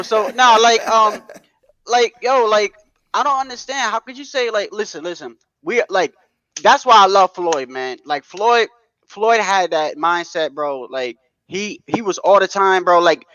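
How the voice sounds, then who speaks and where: A man co-hosts live boxing commentary from his apartment. He talks fast and loose, swears freely and drops "bro" into every other line. His voice sits high and bright, and it comes through a dull, dry home mic with the room sound cut off. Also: dry recording. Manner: animated, profane, repeats "bro". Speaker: boxing podcast co-host. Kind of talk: live casual commentary chat.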